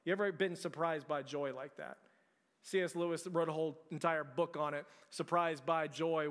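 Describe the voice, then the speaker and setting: A man's voice: on the high side, fairly bright tone, in a large hall. A man in his forties from Texas, preaching a sermon as pastor in a conversational storytelling way, often restarting his sentences.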